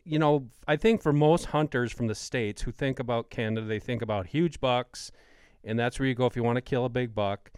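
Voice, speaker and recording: A man's voice: mid-range voice, clear, resonant tone, dry recording, studio quality. A man from Wisconsin hosting a hunting podcast, asking questions eagerly and working through numbers. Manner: enthusiastic, asks questions, quotes numbers. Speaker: podcast host. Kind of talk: casual podcast interview.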